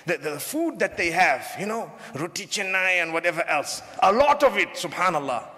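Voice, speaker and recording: A man's voice: sits high, sing-song, moderate pace, sharp tone. A man from Africa, preaching a humorous lecture-style sermon to a live audience and often asking the crowd questions. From southern Africa. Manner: humorous, asks the crowd questions, mimics people. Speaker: Islamic preacher. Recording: long reverb of a large hall.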